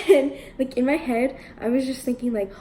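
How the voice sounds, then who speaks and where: A woman's voice: high-pitched, normal speed, echoey room. Giggly young woman vlogger. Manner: giggly, excitable, lots of fillers. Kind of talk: casual storytelling.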